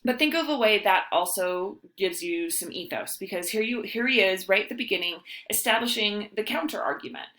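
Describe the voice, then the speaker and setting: A woman's voice: mid-range voice, lively intonation, brisk, hardly any pauses, a bit bright. A woman teacher giving a casual, chatty video lesson on essay writing, with plenty of fillers. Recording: echoey room.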